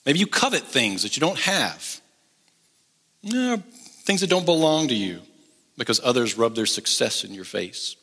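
A man's voice: mid-range voice, very animated, measured pace, long pauses, bright, forceful tone, slightly rough, in a large hall. A middle-aged man preaching a sermon, switching between earnest appeals and joking asides. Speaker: pastor.

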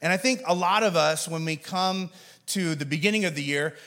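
A man's voice: a little high, moderate pace, a bit bright. A man in his thirties giving a conversational sermon as pastor, joking and using filler words.

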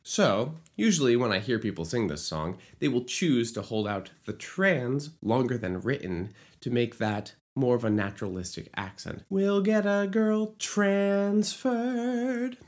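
Lively, playful musical theater teacher. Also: mid-range voice, normal speed, few pauses. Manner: sings short lyric examples to demonstrate; playful asides, jokes about own bad accent. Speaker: musical theater writer teaching lyric writing. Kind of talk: educational video explainer.

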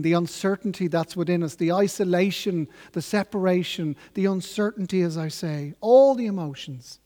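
A man preaching a sermon in an earnest, measured, reflective way. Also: high-pitched, darkish tone, in a large hall.

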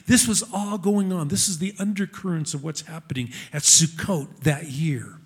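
Earnest high-voiced male preacher. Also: normal speed, hardly any pauses, slightly rough. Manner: earnest, rising and falling preaching delivery. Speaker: messianic congregation teacher. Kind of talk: sermon. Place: congregation hall with screen.

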